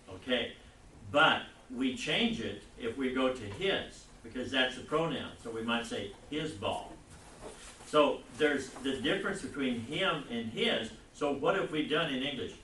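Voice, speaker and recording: Bright-voiced man teaching a class. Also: medium pitch, lively intonation, slight background noise. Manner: rambling, halting, explains by asking the class. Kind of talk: classroom lecture with student questions. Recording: echoey classroom recorded from far off.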